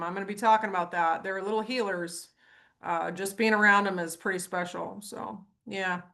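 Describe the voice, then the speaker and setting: A middle-aged woman hosting a casual horse training group call, telling stories and acting out quotes with big jumps in her voice. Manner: animated storyteller, acts out quotes with big pitch jumps.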